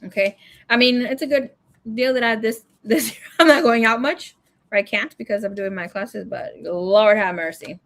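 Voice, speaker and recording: Chatty, profane woman with a high voice. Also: moderate pace, a bit bright. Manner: frank, profane, chatty, switches into Spanish phrases. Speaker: tarot reader livestream host. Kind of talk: casual storytelling chat.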